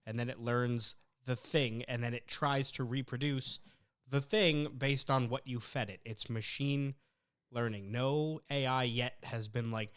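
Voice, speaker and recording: A young man co-hosting a podcast in casual chat, animated and swearing as he acts out arguments with his phone. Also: medium pitch, unhurried, clean tone. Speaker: podcast co-host.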